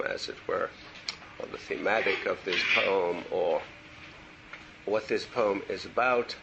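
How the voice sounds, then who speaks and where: A man's voice: on the low side, gravelly, a bit bright, slight background noise, rough recording. An older man giving a meandering university lecture on poetry, full of digressions and asides. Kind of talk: classroom lecture. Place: lecture room.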